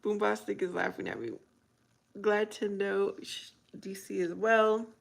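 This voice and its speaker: Woman hosting a relaxed livestream, talks slowly, mid-pitched, answers chat with easy laughter. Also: gravelly. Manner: laughs often, reads chat aloud. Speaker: livestream host. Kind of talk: casual chat with viewers.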